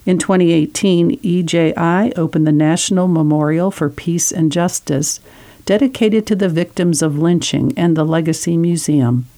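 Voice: mid-range voice, normal speed, mellow. A reader steadily reading magazine articles aloud, with a few small slips.

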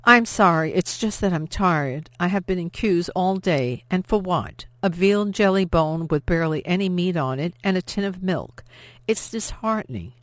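A narrator voicing a tired, defiant young woman with a sharp, sardonic edge. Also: fairly low pitch, animated, moderate pace, no echo, lightly acted. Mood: defensive.

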